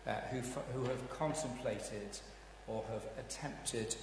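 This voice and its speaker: Male preacher, unhurried, dramatic swings from hushed to loud, big echoey church sound. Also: medium pitch, noisy background. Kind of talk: sermon. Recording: echoey hall, heard from a distance.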